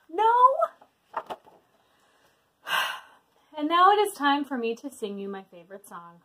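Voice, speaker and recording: A woman's voice: sits high, sing-song, measured pace, long pauses, a bit bright. A woman reading a book aloud to children at a library storytime, playful and full of mock protest as she goes.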